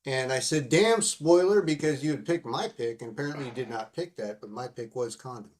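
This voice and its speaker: A man co-hosting a podcast in a casual, animated chat, rambling and swearing freely. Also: medium pitch, fairly quick. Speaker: podcast co-host.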